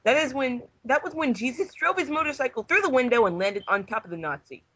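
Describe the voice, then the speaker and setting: Bright young man reading deadpan. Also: extremely high pitch, a little fast, slightly rough, no room sound, highs cut off. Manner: deadpan reading, fighting back laughter. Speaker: reader among friends. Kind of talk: reading fanfiction aloud.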